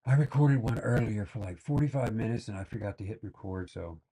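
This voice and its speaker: A man's voice: fairly low pitch, brisk, mellow, slightly rough. A man giving rambling, exasperated reaction commentary full of fillers and restarts. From Texas. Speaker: reaction video host. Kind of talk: casual ranting commentary.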